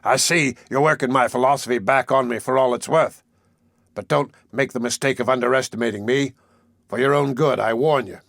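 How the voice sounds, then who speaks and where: A man's voice: mid-range voice, fairly quick, gravelly, fairly bright tone, no echo, clean studio sound. A man voicing a blind, brutal sea captain who speaks in a sneering, threatening way. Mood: menacing.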